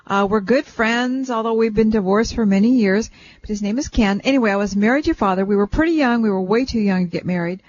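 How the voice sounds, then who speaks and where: A woman's voice: medium pitch, fast talker, slight background noise. Chatty woman host, lo-fi sound. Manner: chatty, animated storyteller. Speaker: radio show host. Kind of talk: casual radio chat, storytelling. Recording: dull lo-fi radio sound.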